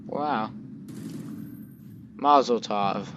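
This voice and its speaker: A man's voice: medium pitch, normal speed, highs cut off, noisy background. A man giving casual gameplay commentary, rambling with lots of fillers and mild cursing into a desk microphone. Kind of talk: casual let's-play commentary.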